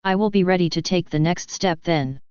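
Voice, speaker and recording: A woman's voice: on the low side, moderate pace, darkish tone, smooth, no echo, natural voice. A woman voicing a stressed young man's lines in an audiobook, defensive and earnest. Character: stressed young man, ambitious boyfriend. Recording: slightly dull, dry close recording.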